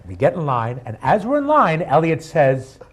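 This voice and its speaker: A middle-aged man telling a comic story about himself in an animated, self-deprecating way. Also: a little high, normal speed. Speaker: guest storyteller.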